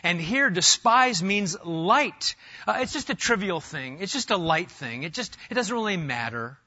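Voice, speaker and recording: A man preaching an animated sermon in a church, acting out quoted voices as he goes. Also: high-pitched, moderate pace. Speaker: pastor. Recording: dull lo-fi sound.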